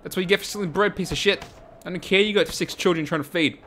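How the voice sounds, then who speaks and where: A man's voice: high-pitched, quick pace, a little hiss or hum. A man giving profane, mocking let's-play commentary with lots of laughter. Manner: loud, crude, mocking, frequent laughter. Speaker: gaming YouTuber.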